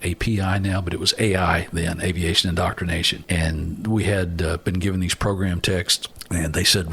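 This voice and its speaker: A man's voice: deep voice, normal speed, creaky, few pauses, breathy edge. An older man, a former Marine aviator telling stories from his life as an interview guest, acting out the voices of other people. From Alabama, US. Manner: animated storyteller, acts out other voices. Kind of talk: storytelling interview.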